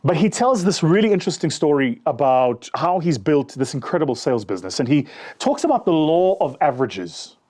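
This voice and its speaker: A man giving a motivational talk, his pitch riding a little high and swinging widely as he tells the story. The tone is mellow and dark rather than bright, and he talks straight to his audience. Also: fairly quick. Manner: animated, addresses listeners directly, acts out dialogue. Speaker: motivational speaker.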